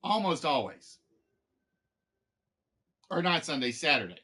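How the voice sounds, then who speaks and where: A man's voice: on the high side, sing-song, unhurried, bright, forceful tone, husky. A man hosting a live game show stream, chatting casually with viewers in a rambling way, full of fillers and restarts.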